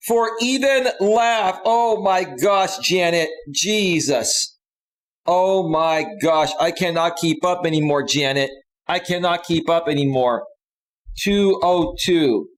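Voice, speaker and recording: A man hosting a live stream, laughing a lot as he reads chat and loudly thanks donors. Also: sits high. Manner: slow, drawn-out delivery with loud outbursts.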